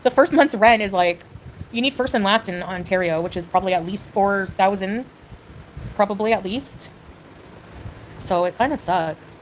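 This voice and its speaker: A woman's voice: medium pitch, moderate pace, pauses often, slight background noise, poor audio. Hesitant rambling woman on a livestream. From Canada. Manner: hesitant, rambling, full of "like" and "you know".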